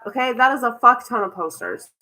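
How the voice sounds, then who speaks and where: A woman's voice: fairly high pitch, animated, brisk, pushed and bright, poor audio. A woman rambling and swearing freely in a casual home vlog, walking around a cluttered house as she films on her phone. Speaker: vlogger.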